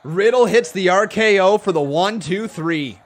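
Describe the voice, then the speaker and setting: High-voiced excitable male commentator. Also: measured pace. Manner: excitable, swings from calm play-by-play to loud shouting; talks to viewers in chat. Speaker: live-stream host. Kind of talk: live wrestling watch-along commentary.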